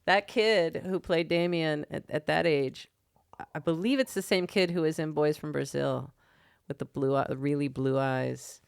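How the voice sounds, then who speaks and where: Low, gravelly woman in her fifties. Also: steady tone, measured pace, no echo, clean studio sound. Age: 50s. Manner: laughs often, chatty and reminiscing. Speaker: podcast co-host. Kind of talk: casual chat.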